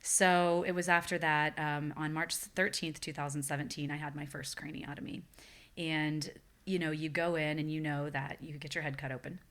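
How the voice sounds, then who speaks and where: A woman's voice: low voice, little pitch movement, moderate pace, fairly bright tone. A woman in her forties, a guest on a podcast, telling a personal story in an earnest, reflective way. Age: 40s. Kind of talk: personal testimony in a podcast interview.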